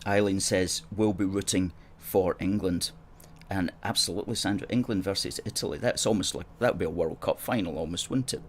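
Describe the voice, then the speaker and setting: A man hosts a live stream in a somewhat low voice, reading viewer comments aloud. He pushes each point with emphatic repetition and an opinionated edge. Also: fairly quick, a little hiss or hum. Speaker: host. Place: studio in Glasgow.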